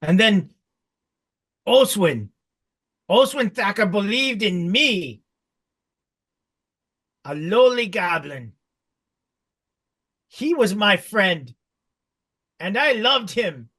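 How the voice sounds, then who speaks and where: Guy doing a high, proud goblin king, slow heartfelt speech, sing-song. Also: sing-song, fairly bright tone, slightly rough, exaggerated voice.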